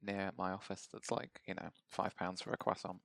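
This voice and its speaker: A man's voice: low-pitched, monotone, normal speed, creaky, a bit bright, dry recording. A man co-hosting a podcast, rambling and swearing casually as he tells a story. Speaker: podcast co-host. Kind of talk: casual chat.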